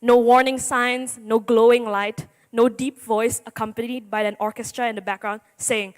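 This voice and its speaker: A woman's voice: fairly high pitch, flat delivery, normal speed, few pauses. A seventeen-year-old girl giving a jittery, joking youth sermon, laughing at herself. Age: teens. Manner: giggly, self-deprecating, jittery. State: nervous. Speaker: youth preacher. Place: church sanctuary. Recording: church hall reverb.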